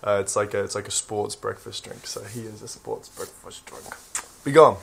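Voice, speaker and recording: A man's voice: fairly low pitch, fairly even intonation, moderate pace, creaky, slight background noise. A man with an Australian accent, casually explaining slang to the camera in a laid-back, dry, self-mocking way. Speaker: actor teaching slang.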